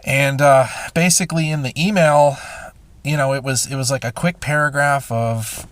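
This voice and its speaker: A middle-aged man hosting a podcast, telling a painful personal story in a halting, emotional way with many restarts and sighs. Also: medium pitch, fairly even intonation, fairly bright tone. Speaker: podcast host. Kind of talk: personal confessional monologue.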